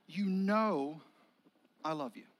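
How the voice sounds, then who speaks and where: An ashamed grown disciple pours out an earnest, broken-up confession, voiced by a male preacher. He pleads rather than argues. His voice sits high for a man. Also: slow pace. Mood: pleading.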